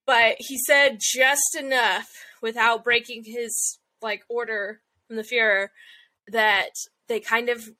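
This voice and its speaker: A woman's voice: a little high, steady tone, slow, pushed and bright. A woman casually recapping a show episode, retelling scenes and acting out the characters' lines. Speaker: podcast co-host.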